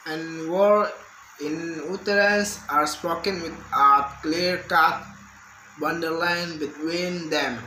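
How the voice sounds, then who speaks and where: A young man reads a prepared exam answer at a very slow, careful pace, often repeating words. His voice is fairly high and bright. The room is echoey, with a faint hum behind him. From Indonesia. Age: young adult. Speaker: university student.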